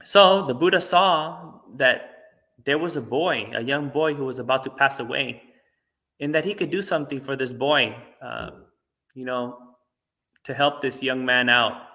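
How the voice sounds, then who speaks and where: A man, a Buddhist monk, giving a dharma talk and telling a teaching story in a relaxed, conversational way. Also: medium pitch, unhurried. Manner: relaxed, conversational, many fillers.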